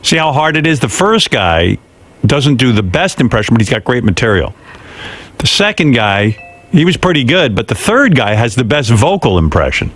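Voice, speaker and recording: A man's voice: mid-range voice, big pitch swings, moderate pace, fairly bright tone. A male radio host with a mid-range voice that swings up and down a lot as he talks. His banter is loose and wry, and the delivery is casual.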